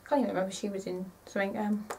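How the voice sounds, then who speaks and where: A woman in her twenties chatting casually to camera in a rambling, excitable way, often correcting herself. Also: medium pitch, rapid-fire, distant mic, low-quality recording. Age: 20s. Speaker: vlogger.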